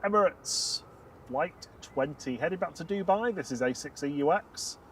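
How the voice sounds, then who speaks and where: A man's voice: on the high side, animated, normal speed. A man co-hosting a plane spotting live stream outdoors, teasing his partner and calling out planes. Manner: jokey, teasing, upbeat. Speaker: plane spotting livestream co-host. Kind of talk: live stream banter and plane call-outs. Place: outdoors at an airport. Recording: distant mic with loud outdoor noise.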